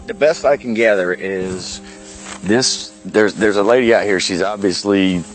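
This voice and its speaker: A male police officer questioning people outdoors in a brisk, commanding way. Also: lowish voice, faint music behind, low-quality recording. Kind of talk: bodycam questioning.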